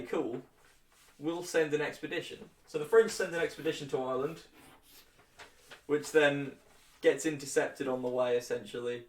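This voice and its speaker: A man's voice: on the high side, roomy sound, far from the mic. A young man giving a casual history lecture with jokey, flippant asides. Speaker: history tutor.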